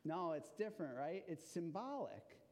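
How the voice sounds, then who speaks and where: A man's voice: a little high, moderate pace. A man giving an interactive children's sermon in a church, asking the listeners questions as he goes. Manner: animated, asks the audience questions. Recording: long hall reverb.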